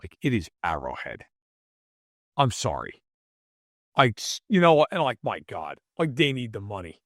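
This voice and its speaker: A man's voice: fairly low pitch, huge pitch swings, moderate pace, fairly bright tone, no echo, studio quality. A man co-hosting a podcast, ranting in mock outrage over sports in casual chat. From New York state. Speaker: podcast co-host.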